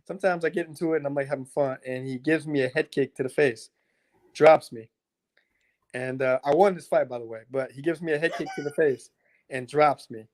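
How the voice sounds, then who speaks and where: A man, a mixed martial arts fighter, telling his fight stories in a casual interview, animated and profane, with lots of filler words. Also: fairly high pitch, brisk. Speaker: MMA fighter guest.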